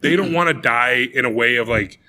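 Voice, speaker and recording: A young man co-hosting a podcast, casually and profanely retelling a movie with lively acted-out quotes. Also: medium pitch, brisk, slight background noise. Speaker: podcast co-host. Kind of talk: casual chat.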